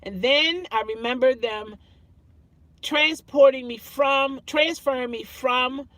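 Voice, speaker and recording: Woman vlogging a story straight to camera, kinda high voice, earnest, repeats herself, dry close sound. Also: slow pace, a bit bright, dry recording. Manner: earnest, repeats phrases, trails off and restarts. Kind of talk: personal story told to camera.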